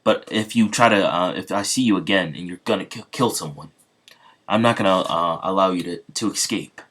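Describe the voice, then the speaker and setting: A man voicing an excitable, blunt young male pirate in his own everyday voice. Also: low-pitched, a little fast. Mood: boastful.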